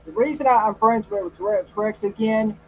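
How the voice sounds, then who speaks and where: A man's voice: high-pitched, moderate pace, slight background noise, rough recording. A man talking casually in his own video, stuttering and repeating his words. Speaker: YouTuber in a played clip. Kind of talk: casual vlog talk.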